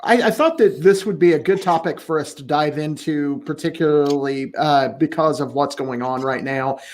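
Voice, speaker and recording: A man hosting a casual podcast discussion, talking in a blunt, profane and animated way. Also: a little high, moderate pace. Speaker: podcast host.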